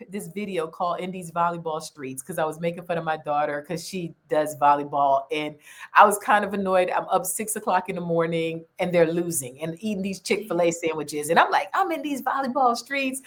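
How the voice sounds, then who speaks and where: A woman author and podcaster, a guest on an interview show, telling her story in a casual, animated way and laughing often. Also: fairly low pitch, a little fast.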